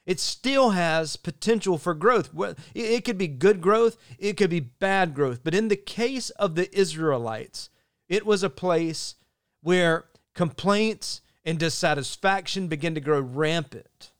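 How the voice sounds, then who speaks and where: Man, pastor, sermon, earnest, measured, fairly high voice, smooth and clear, dry close sound. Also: animated, no echo.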